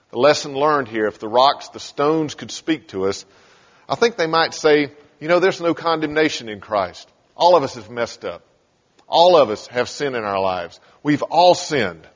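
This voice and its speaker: With an animated mid-range voice at a measured pace, a man preaches as a pastor, recounting scripture and dramatizing its lines. The room is a large, reverberant hall, and the recording comes across dull.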